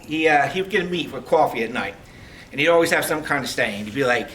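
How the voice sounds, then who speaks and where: A middle-aged man giving a heartfelt farewell speech as a retiring police lieutenant, telling stories with halting restarts. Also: mid-range voice, fairly bright tone. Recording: distant mic, faint background noise.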